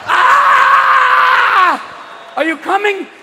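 A man's voice: very high voice, brisk, raised voice, over a noisy crowd, very noisy, voice pushed up. A man screaming as a panicked, furious heart. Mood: panicked fury. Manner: screaming, cursing, yelping in pain. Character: panicked furious male heart, fed up, strained.

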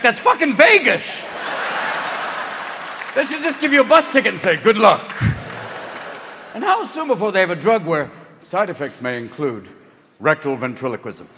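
Manic, high-voiced man doing stand-up. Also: long reverb tail, background noise. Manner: manic, profane, rapid shifts into voices. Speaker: stand-up comedian. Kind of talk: stand-up comedy routine. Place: stage before a live audience.

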